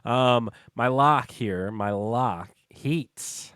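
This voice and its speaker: A man's voice: mid-range voice, drawn-out words, fairly bright tone, clear, resonant tone, no echo, clean studio sound. Man, podcast co-host, casual sports banter, jokey, self-deprecating, mid-range voice.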